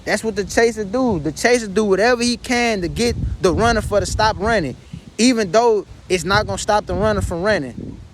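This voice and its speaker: Male vlogger with a high voice. Raw, blunt, profane, circling back to the same pleas. Faint noise behind. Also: brisk. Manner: pleading, repetitive, blunt and profane. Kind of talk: emotional personal monologue to camera.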